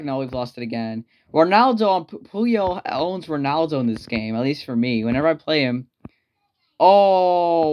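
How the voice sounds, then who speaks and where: A young man with a fairly high voice narrates his own football video game match live. He groans, exclaims and swears at his players, his commentary rising and sinking with every chance. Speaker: gameplay streamer.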